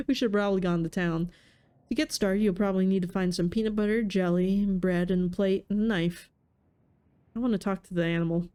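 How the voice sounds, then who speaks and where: A woman's voice: lowish voice, dark tone, clear, resonant tone. A woman playing a story game, reading its text aloud and adding playful, casual commentary. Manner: playful, laughs at her own reading. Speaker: let's player.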